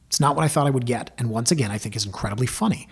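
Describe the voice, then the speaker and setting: A man tells his own story on a podcast. His delivery is casual, wry and self-deprecating, and he gets lively as the story goes. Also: mid-range voice, very fast, husky. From Canada. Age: 40s. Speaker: podcast host and realtor.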